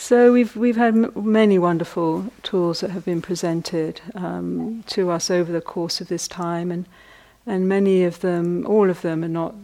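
This middle-aged woman, a meditation teacher, talks reflectively about the dharma at a retreat. She keeps things conversational, stopping and starting often and laughing at her own jokes, in a lowish, steady voice with a dark tone.

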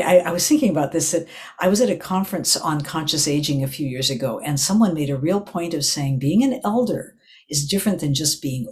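Older woman, meditation teacher, unhurried reflective dharma talk, often restarts her sentences. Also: low-pitched, darkish tone. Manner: meandering storytelling, restarts and self-corrections.

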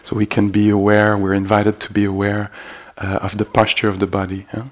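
Meditation teacher, male, low and even-toned, gravelly, hesitant delivery. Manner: halting, full of fillers and gentle asides. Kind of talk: dharma talk. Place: meditation retreat hall.

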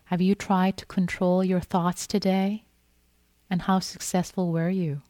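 A woman meditation teacher giving a gentle, repetitive dharma talk in which she acts out inner thoughts. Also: on the low side, flat delivery, measured pace, dry recording. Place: meditation hall.

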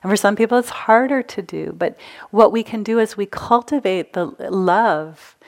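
A woman giving a gentle, engaging dharma talk to a live retreat audience as a meditation teacher. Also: medium pitch, moderate pace. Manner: gentle, engaging, asks the audience to raise hands.

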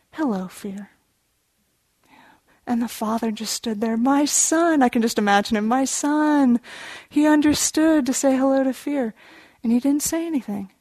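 A woman meditation teacher telling a story in a dharma talk, in a gentle, unhurried storytelling manner, explaining contemplative terms. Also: on the high side, no room sound.

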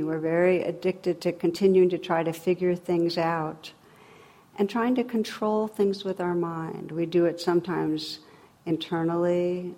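Woman, meditation teacher, dharma talk, wry humor, lower voice. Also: a little mellow.

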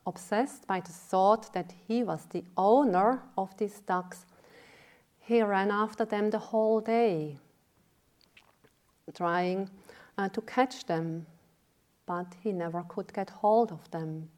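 A woman meditation teacher giving a dharma talk, telling a teaching story in a deliberate way. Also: mid-range voice, darkish tone.

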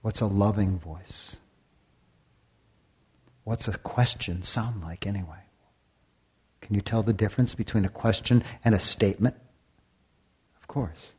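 A man giving a dharma talk as a meditation teacher. He speaks deliberately, sometimes drops to a whisper, and asks the listeners many rhetorical questions. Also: lowish voice, a little mellow, husky. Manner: deliberate, with long pauses, sometimes dropping to a whisper.

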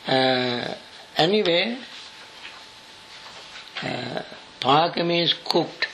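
Older Sri monk teaching slowly. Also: male voice, fairly high pitch, animated, creaky, a bit bright, a little hiss or hum, low-quality recording. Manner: slow, halting explanations with frequent pauses and spelled-out letters. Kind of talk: scripture study lesson.

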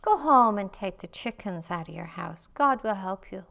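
A woman reading a story aloud, voicing a serene, gentle old rabbi giving advice. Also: mid-range voice, expressive, gravelly. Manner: serene, gentle, unhurried counsel. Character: calm, wise old male rabbi, serene.

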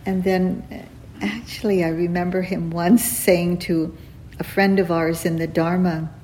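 A woman meditation teacher speaks slowly and gently, pausing often as she gives a dharma talk. Her voice sits a little low, and faint room ambience hangs behind her words. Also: fairly even intonation, a little hiss or hum, rough recording. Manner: slow, gentle, with frequent pauses and fillers; laughs softly while telling stories. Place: retreat center hall.

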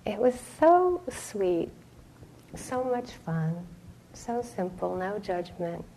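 A middle-aged woman teaching meditation in an easy, conversational dharma talk. Her voice sits at an ordinary pitch and often falls to a gentle near-whisper. A faint hiss of noise lies under the recording. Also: very animated, takes it slowly, poor audio. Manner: gentle and conversational, with frequent laughter and soft whispered asides.

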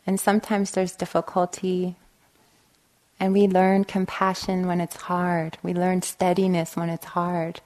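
A woman meditation teacher giving a gentle dharma talk, telling stories and often checking in with "right?". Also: on the low side, completely flat delivery, a little slow. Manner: gentle, storytelling, frequent "right?". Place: meditation hall.

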